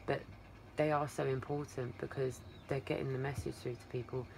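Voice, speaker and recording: Speaking at a moderate pace, this woman has a rumbling low, gravelly voice with a darkish tone and flat delivery, worn out from a long day of talking. She's an Englishwoman running a casual livestream, rambling affectionately and addressing viewers as darling. Her phone sits some distance away, and slight background noise comes through.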